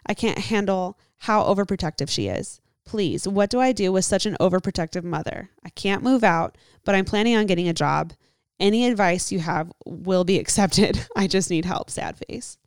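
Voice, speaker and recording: A woman's voice: mid-range voice, normal speed, smooth, dry recording, studio quality. A young woman co-hosting a podcast, reading a listener's letter aloud with casual asides. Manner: reads aloud with asides and laughs. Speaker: podcast co-host.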